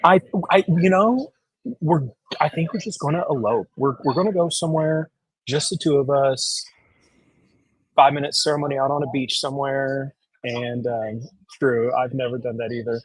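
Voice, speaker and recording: Blunt husky-voiced man chatting. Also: medium pitch, normal speed, no room sound, low-quality recording. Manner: blunt, profane, animated retelling. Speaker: guest. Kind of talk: casual livestream chat.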